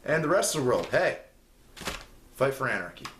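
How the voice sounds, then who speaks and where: A man's voice: medium pitch, very animated, moderate pace, noisy background. A young man delivering a rambling, sarcastic comedic rant as a segment host on a spoof news show. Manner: rambling, sarcastic, ranting with rising exasperation. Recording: echoey room with faint ambience.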